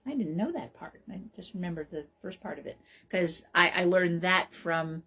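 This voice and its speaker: A woman's voice: on the low side, moderate pace, fairly bright tone, breathy edge. A middle-aged woman hosting a radio show alone, talking casually and rambling with many ums and restarts. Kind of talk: casual solo talk.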